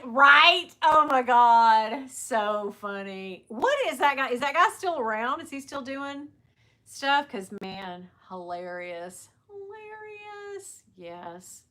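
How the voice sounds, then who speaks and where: A middle-aged woman hosting a livestream, chatting casually and telling lively stories, laughing often and mimicking the people she talks about. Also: high-pitched. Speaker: livestream host. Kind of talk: casual chat to viewers.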